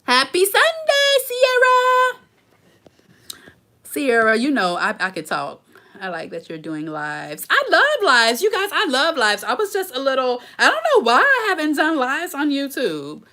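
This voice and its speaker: A woman's voice: sits high, sing-song, moderate pace, bright, forceful tone. A woman, hosting a casual live Q&A and talking emphatically straight to her viewers. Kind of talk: casual live-stream chat.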